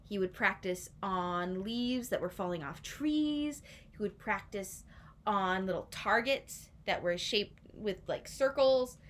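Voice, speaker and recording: A woman telling a story to young children, playful and animated, inviting listeners to join in. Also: medium pitch, slow, a little hiss or hum.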